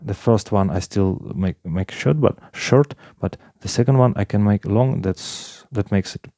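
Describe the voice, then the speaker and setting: A man teaching a piano lesson in plain talk, with halting phrasing, counting beats aloud while he plays. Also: on the low side, dry recording, clean studio sound. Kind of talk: casual piano tutorial. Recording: piano playing loudly alongside.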